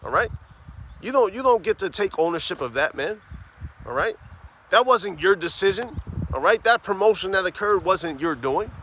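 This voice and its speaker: A man preaching on the street, fervent, tagging phrases with "man" and "all right?" and reading scripture slowly and emphatically. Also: high-pitched, lively intonation, fairly bright tone, a little hiss or hum. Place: outdoors on a city street.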